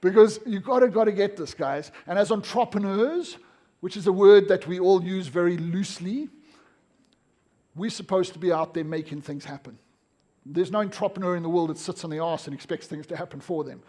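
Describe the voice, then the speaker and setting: A South African man giving an energetic, emphatic seminar talk to a live audience in an event room. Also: sits high, fairly quick. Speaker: motivational speaker.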